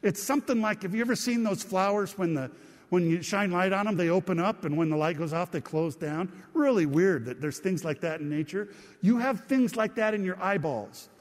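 A man's voice: high-pitched, moderate pace. A man preaching a sermon as a pastor, chatty and joking with his congregation. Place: church hall. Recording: long reverb of a church hall.

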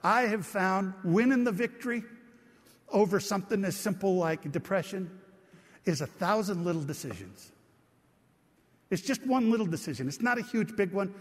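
A man's voice: high voice, expressive, moderate pace. A man preaching a sermon as a pastor, chatty and joking with his congregation. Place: church hall. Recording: long reverb of a church hall.

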